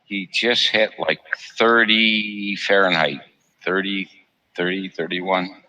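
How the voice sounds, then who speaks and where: A man's voice: low voice, flat delivery, slow pace, sharp tone, muffled recording. A man hosting a live stream, chatting casually over a voice call, joking, laughing often and repeating himself. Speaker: host of a live observatory stream.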